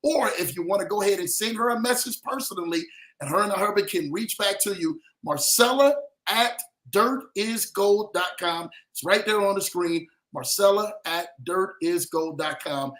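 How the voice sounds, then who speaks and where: In a roomy, echoing recording, a hyped male livestream host keeps repeating phrases while shouting out viewers by name. His voice sits high and a bit bright, moving at a moderate pace through the upbeat chatter.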